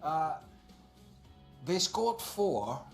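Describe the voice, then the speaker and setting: A man's voice: a little high, big pitch swings, extremely slow, creaky, soft background music. A man on a football panel, breaking down a match in an analytical, dry-humoured way. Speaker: football pundit. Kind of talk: studio panel chat. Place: TV studio. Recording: roomy studio sound.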